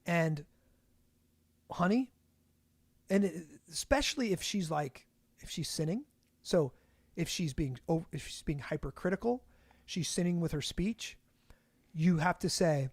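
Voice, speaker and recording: A man's voice: sits high, unhurried, darkish tone, dry recording. A young man co-hosting a casual podcast, talking in a rambling way with many restarts and fillers. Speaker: podcast co-host.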